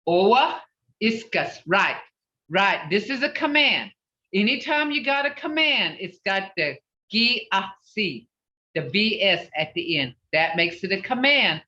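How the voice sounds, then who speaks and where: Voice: medium pitch, very animated, slow, bright, forceful tone, recorded from a distance. An older language teacher leading an online class, repeating and drilling words between chatty asides, heard over a video call. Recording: roomy, dull video-call audio.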